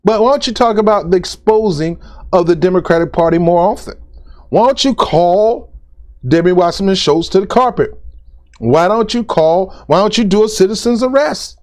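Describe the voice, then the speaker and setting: Speaking at a moderate pace, a man with a high, slightly mellow voice vents his political opinions straight to camera. He's exasperated and blunt, circling back over his points in loose, informal speech full of "ain't" and "dude."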